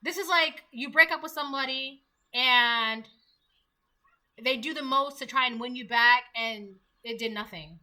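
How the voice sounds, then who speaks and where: Speaking high, bright and forceful at a measured pace, a woman does an informal tarot reading. She's chatty, performs the voices of people she quotes and laughs at her own jokes.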